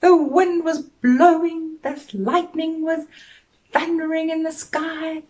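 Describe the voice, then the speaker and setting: A middle-aged woman teacher gently speaking to young children in an assembly talk, telling them a story in a sing-song way. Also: very high voice, little pitch movement, takes it slowly, low-quality recording.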